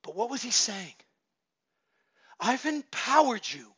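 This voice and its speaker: A man in his thirties preaching a sermon as pastor, exhorting the men in his congregation and swinging from loud shouts to low murmurs. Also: very animated, takes it slowly, slightly rough, dry recording. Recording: dull lo-fi sound.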